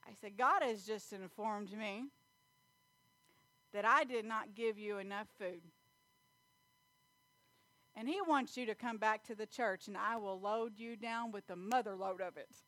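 A woman preaching a sermon in church, telling stories and acting out scenes with loud animated bursts. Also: mid-range voice, a little slow, pauses often, dry recording. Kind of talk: sermon with storytelling.

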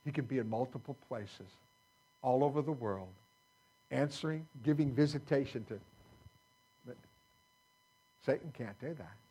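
A man's voice: medium pitch, normal speed, long pauses, dark tone, husky, rough recording. A man pastor preaching a sermon in a folksy, conversational way, quoting scripture to his congregation. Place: church sanctuary.

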